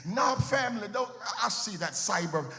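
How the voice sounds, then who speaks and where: A middle-aged pastor, preaching a sermon in a sing-song cadence that swells into shouts, repeating words for emphasis. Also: male voice, high voice, expressive, normal speed. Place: church sanctuary. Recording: long hall reverb with faint music.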